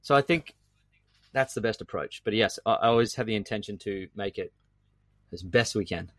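A middle-aged man, a podcast guest talking in an emphatic, animated way and often repeating himself. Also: fairly low pitch, normal speed, dry recording. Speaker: guest entrepreneur. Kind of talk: podcast conversation.

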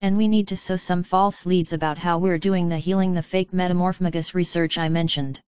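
A woman's voice: fairly low pitch, steady tone, a little fast, darkish tone, smooth, no room sound, muffled recording, natural voice. A woman voicing a smug, sarcastic young noble wizard who mocks and lectures. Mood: lecturing. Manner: mocking, sarcastic.

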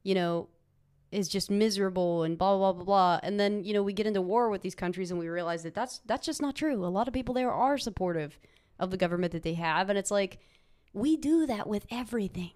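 A woman's voice: medium pitch, a little fast, a little mellow. A woman from the United States giving frank, opinionated views in casual chat, swearing now and then.

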